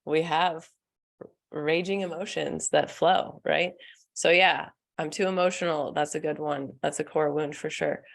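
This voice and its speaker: A young woman hosting a live stream as a spiritual coach, talking softly and earnestly, laughing often and answering comments from the chat. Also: sits low, fairly even intonation, a little slow, vocal fry. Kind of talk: casual live-stream talk.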